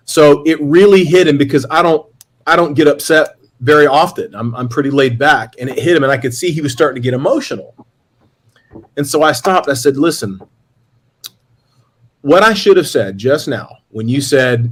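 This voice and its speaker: A man's voice: on the high side, moderate pace. A middle-aged man hosting a talk show, earnestly telling a confessional family story and acting out both sides of the exchange. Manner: earnest, confessional, quotes himself and his son. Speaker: podcast host. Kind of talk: candid storytelling to a panel.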